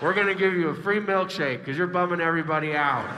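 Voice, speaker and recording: A man voicing a rude adult fast food worker who insults a customer, in a stand-up comedy bit. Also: fairly high pitch, background noise, pitched above the performer's own voice, lightly acted. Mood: mocking. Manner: insulting, shouting across the counter.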